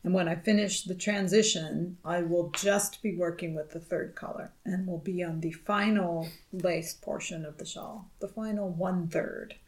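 Unhurried woman co-host, chatty and laughing. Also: lowish voice, fairly even intonation. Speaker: podcast co-host. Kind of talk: casual chat.

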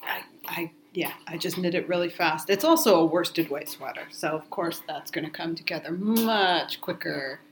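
A woman co-hosting a casual podcast in a lowish, slightly scratchy voice. She talks in a measured way and lets her remarks trail off into soft asides, with a faint hum of noise behind her. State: slightly scratchy voice from a cold or allergies. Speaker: podcast co-host. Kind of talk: casual chat.

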